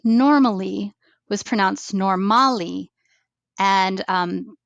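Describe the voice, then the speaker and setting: A woman's voice: medium pitch, unhurried, no echo, highs cut off. A middle-aged woman from the United States, a language trainer explaining teaching ideas in a podcast interview, thoughtful, with many fillers and restarts. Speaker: ESL training coordinator, guest.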